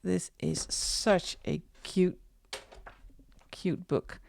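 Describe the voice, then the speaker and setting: A middle-aged woman hosting a coloring channel, chatting casually as she shows her books, with soft asides now and then. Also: lowish voice, fairly even intonation, vocal fry, a little hiss or hum. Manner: chatty, slow and unhurried, drops into soft asides. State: out of breath. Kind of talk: casual show-and-tell vlog.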